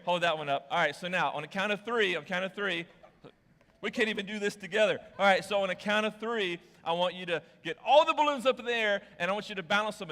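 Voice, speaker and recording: A male pastor with a high-pitched, sharp voice delivers a sermon with audience games in a church auditorium, where the large hall adds a long reverb. He jokes playfully with volunteers on stage, then turns candid and confessional with the congregation.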